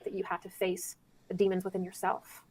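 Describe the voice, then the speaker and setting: A woman speaking calmly and earnestly about spiritual traditions in a flowing way. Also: mid-range voice, a little fast, husky. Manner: calm, earnest, flowing explanation. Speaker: occult speaker. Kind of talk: spiritual talk.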